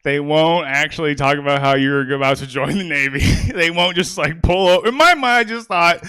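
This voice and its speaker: A man's voice: a little high, normal speed, bright, forceful tone, clean tone. A young man doing a rambling stand-up comedy set with crowd work in a small comedy theater.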